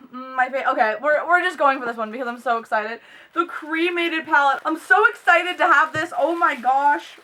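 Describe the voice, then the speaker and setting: A young woman with a high voice gushes through a makeup unboxing, gasping and squealing with excitement. She sits a little back from the mic, so her voice sounds slightly distant. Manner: gushing and excitable, gasps and squeals. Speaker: beauty vlogger. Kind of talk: unboxing vlog chat.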